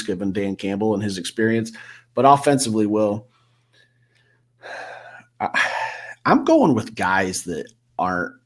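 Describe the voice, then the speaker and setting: Deep husky guy chatting football picks on a podcast, kinda rambly. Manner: relaxed, rambling football predictions with self-corrections. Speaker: co-host. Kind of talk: casual sports podcast chat.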